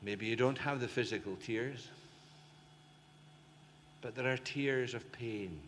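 Taking his time in a medium-pitched voice, a man preaches passionately, pressing his listeners with emphatic rhetorical questions. The audio comes from a reverberant hall with faint ambient noise.

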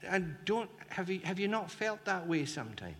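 A man's voice: high voice, sing-song, moderate pace, fairly bright tone. A man preaching a sermon in an impassioned way, firing emphatic rhetorical questions at his listeners. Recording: reverberant hall, faint ambient noise.

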